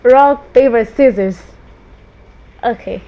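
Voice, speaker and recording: A woman's voice: on the high side, lo-fi sound. Giggly young woman hosting a casual chat. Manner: giggly, talks fast when nervous. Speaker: host.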